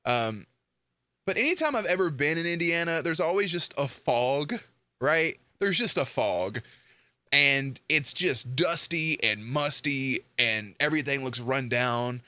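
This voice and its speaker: A man's voice: fairly high pitch, expressive, measured pace, sharp tone, dry recording. A young man giving casual, blunt reaction commentary to a video, swearing freely and joking.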